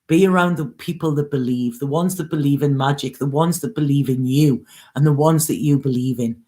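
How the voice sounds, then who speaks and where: A woman's voice: low-pitched, fairly quick, dark tone. A woman tarot reader giving an emotional, earnest spiritual reading, coaxing her listeners and often checking in with "okay?". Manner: earnest, coaxing, with frequent "okay?" and "you know". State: near tears, emotional. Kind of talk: spiritual reading, casual monologue.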